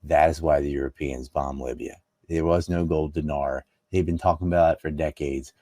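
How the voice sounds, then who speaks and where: A man's voice: a bass voice, steady tone, normal speed, dark tone, dry recording, studio quality. A man from North Carolina giving an interview, talking politics in an emphatic, argumentative, scoffing way. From North Carolina, USA. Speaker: interview guest. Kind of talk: casual political talk.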